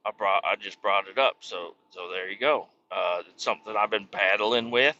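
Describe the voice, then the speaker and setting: A man with a very bright, sharp-edged voice rambles through a profane, self-mocking tale as a podcast host. The sound is dull and lo-fi. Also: lowish voice, moderate pace, slight background noise. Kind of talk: comedic storytelling monologue.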